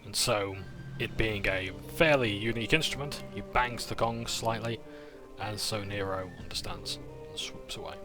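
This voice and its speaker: A man's voice: lowish voice, moderate pace, over music. A man casually recapping a tabletop game session, with frequent "uh"s and self-corrections as he narrates.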